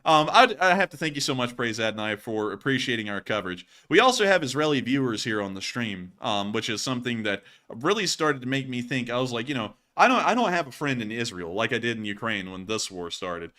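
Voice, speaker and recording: A man's voice: medium pitch, sing-song, a little fast, hardly any pauses, pushed and bright. A man with a Southern US accent hosting a casual news livestream, rambling with many fillers as he thanks donors. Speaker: host of a war news livestream.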